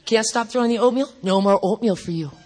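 A woman's voice: on the high side, fast talker, a little mellow, close to an everyday voice. A woman voicing a doting, patient God who coos indulgently as if to a messy toddler.

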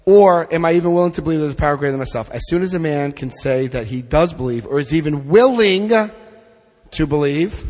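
A man's voice: fairly high pitch, darkish tone, big-room sound. A man leading a twelve-step study group, reading passages aloud and adding blunt, joking asides. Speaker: recovery workshop leader.

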